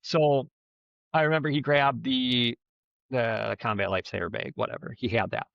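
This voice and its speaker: A man's voice: medium pitch, steady tone, moderate pace, gravelly, a bit bright, no room sound. A man co-hosting a podcast, telling a story in a rambling, profane, casual way. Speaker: podcast co-host. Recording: dull, slightly lo-fi dry sound.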